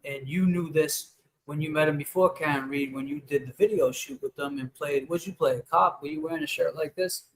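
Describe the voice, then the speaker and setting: A man's voice: on the high side, brisk, poor audio. A man hosting a casual livestream chat, talking in an emphatic, profane, rambling way. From Boston.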